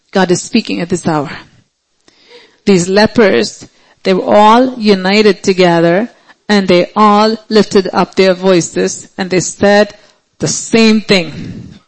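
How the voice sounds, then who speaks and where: A man preaching a sermon, emphatic, repeating key phrases and slowing down to stretch words for stress. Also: high voice, low-quality recording.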